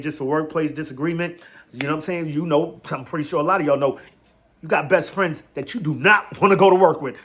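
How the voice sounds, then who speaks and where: A man hosting a fan commentary show, rambling in animated slang and laughing often. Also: mid-range voice. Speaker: sports fan show host. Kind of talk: casual fan commentary vlog.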